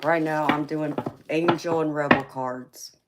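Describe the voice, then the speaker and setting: Low-pitched with fairly even intonation, a woman from the Southern United States speaks at a measured pace over heavy background noise. Her accent is heavy, and as host of a casual tarot livestream she's sassy, teasing, and quick to laugh, calling viewers honey and baby.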